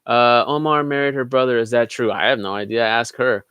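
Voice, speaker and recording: A man's voice: medium pitch, brisk, sharp tone, smooth, no echo. Casual man reading live chat questions. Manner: reads questions aloud, then answers offhand with profanity. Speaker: channel host answering live chat questions. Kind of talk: casual livestream Q&A.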